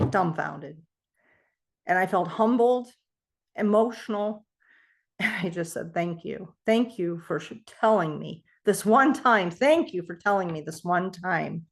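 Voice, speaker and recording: A middle-aged woman telling a personal story to a group, animated and acting out the voices of the people in it. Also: lowish voice, creaky. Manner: animated storytelling, acts out quoted voices, laughs often. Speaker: guest speaker on self-healing.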